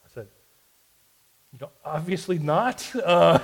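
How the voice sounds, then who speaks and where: A man's voice: a little high, normal speed, pauses often, rough recording. A man in his forties telling a self-deprecating personal story in a sermon-style podcast, with a Southern US accent. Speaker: pastor.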